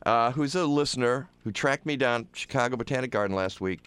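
A man with a hoarse voice hosting a talk radio show, joking and animated. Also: medium pitch, a little fast, no room sound. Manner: jokey, animated. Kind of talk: casual radio banter. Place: radio studio.

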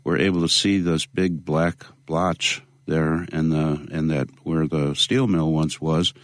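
A man being interviewed, speaking in a measured way with many pauses and fillers. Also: extremely low pitch, flat delivery, dry recording, clean studio sound. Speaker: interview guest, local activist. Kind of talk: conversational interview.

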